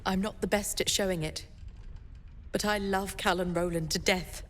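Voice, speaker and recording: A woman lightly acts the part of an earnest young sister. Her voice is medium-pitched and steady at a normal speed, with slight background noise.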